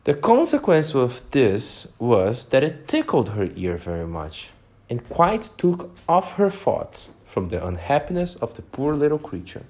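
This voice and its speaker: A man reading a storybook aloud to children, pausing now and then to explain words. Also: mid-range voice. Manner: animated, unhurried, pauses to explain words.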